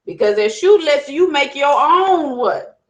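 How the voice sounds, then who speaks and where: A woman storyteller with a fairly high voice tells a folktale as a lesson. She is lively and keeps asking her listeners questions. Her telling rises into bright bursts at festive moments. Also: measured pace, rough recording. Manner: lively, asks the audience questions. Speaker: storyteller, teacher.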